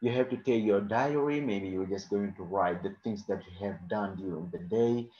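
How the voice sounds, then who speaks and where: A man's voice: fairly low pitch, normal speed, roomy sound, muffled recording. A man teaching an English lesson live online, answering questions from the chat and often adding "okay" and "of course".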